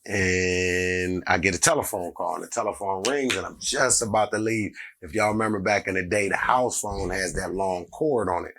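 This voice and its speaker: A middle-aged man, a comedian, telling a story in a casual, animated way and acting out the people in it. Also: deep voice, normal speed, hardly any pauses. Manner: animated, acts out every character in the story.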